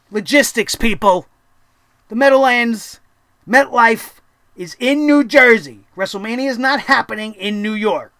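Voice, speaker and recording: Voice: mid-range voice, a bit bright, dry recording. A wrestling show host giving a heated, sarcastic and profane review of a weekly wrestling episode.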